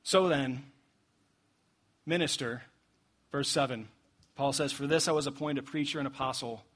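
A young man preaching a sermon in a casual, animated way, laughing often and acting out quotes. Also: medium pitch, moderate pace. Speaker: pastor.

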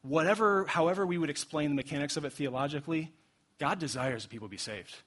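A young man preaching with a slightly raised, husky voice. He talks in a loose, conversational way, laughing as he goes and acting out little quotes to drive his points home. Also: a little high, fast, a bit bright. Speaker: pastor. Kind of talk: sermon.

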